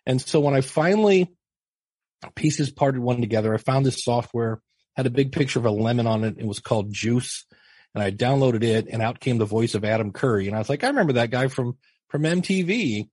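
A husky middle-aged man recounts his early days on a podcast, chatty and self-mocking. He slips into animated voices for the people he quotes. The sound is dry and close. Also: mid-range voice, brisk, no echo. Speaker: podcast guest and teacher. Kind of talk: casual storytelling interview.

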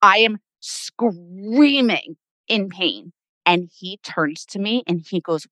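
A middle-aged woman co-hosting a podcast, telling a story in an animated way and acting out what people said. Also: mid-range voice, takes it slowly, no room sound. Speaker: podcast co-host. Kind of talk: casual chat.

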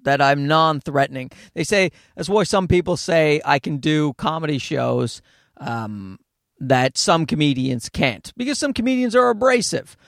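A man riffing through a casual comedic podcast monologue, swearing freely and wandering off on tangents. His voice sits high and leaps around in pitch. The sound is dry and close, with no room around it. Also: measured pace, creaky, no room sound. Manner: profane, rambling, animated with tangents. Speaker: podcast host.

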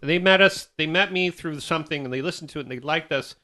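A man in casual band chat, telling tour stories in an animated way, acting out quotes and swearing. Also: fairly high pitch, quick pace.

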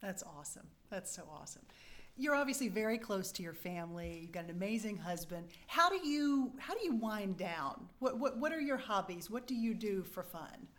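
A woman's voice: medium pitch, sing-song, normal speed. A woman hosting an interview, asking questions in a chatty, encouraging way with fillers. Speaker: interview host.

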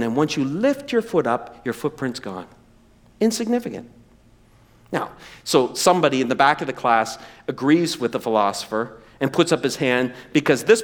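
A male preacher delivering a lively sermon in a high, sweeping voice. He acts out the quoted speakers with dramatic swings in pitch. Now and then he calls on his audience to say a word back to him. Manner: animated, acts out quoted voices, asks the audience to repeat words. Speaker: pastor.

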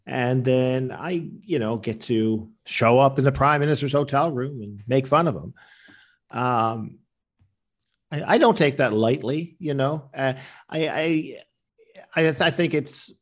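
A man's voice: medium pitch, a little slow. A man answering interview questions with rambling anecdotes, acting out the people he quotes. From Canada. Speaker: interview guest, comedian.

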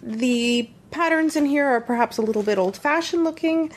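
Measured woman reviewing a knitting book. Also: high-pitched. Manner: measured, thoughtful.

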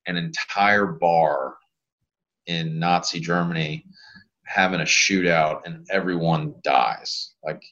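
A man, a physical therapist guest on a podcast, chatting casually and telling rambling, animated stories. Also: low-pitched, dull audio.

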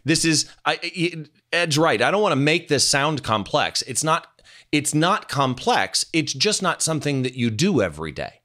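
Casual questioning host. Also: male voice, on the high side, expressive, normal speed, bright, forceful tone. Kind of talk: panel discussion.

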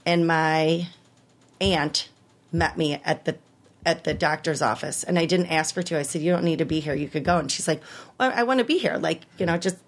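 A woman in her thirties, a guest on an interview, tells an emotional personal story at a moderate pace. She is animated and acts out what people said, her voice rising high as she relives the worst moments.

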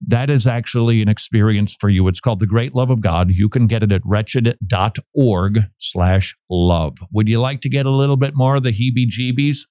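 A male radio show host in a studio, talking in an animated way, chuckling and reading passages aloud with quick asides. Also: mid-range voice, no room sound. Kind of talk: radio talk commentary.

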